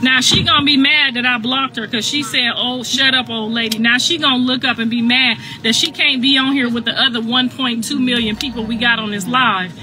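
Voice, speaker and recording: A woman's voice: on the high side, fairly even intonation, a little fast, few pauses, pushed and bright. A middle-aged woman ranting on a phone livestream, emphatic and repetitive, with a sassy edge.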